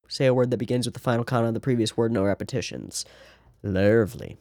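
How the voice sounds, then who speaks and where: A man's voice: medium pitch, fast, warm tone, dry recording. A man hosting an anime reaction, talking through the episode in a casual, sarcastic way with rambling asides.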